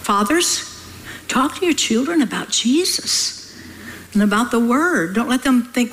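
A woman's voice: a little high, expressive, slow pace, fairly bright tone. Folksy scolding older woman preacher. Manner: folksy, scolding, laughs often. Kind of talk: sermon with read-aloud testimony.

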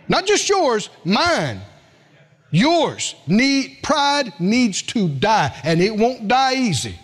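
High, lively, slow-preaching man pastor. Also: breathy edge. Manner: preacherly call-and-response, folksy. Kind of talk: sermon.

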